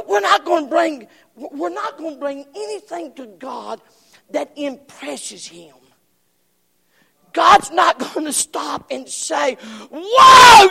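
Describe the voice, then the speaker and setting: Fiery preacher with a high gravelly voice. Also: male voice, big-room sound. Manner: impassioned, swings from shouts to hushed whispers. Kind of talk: sermon.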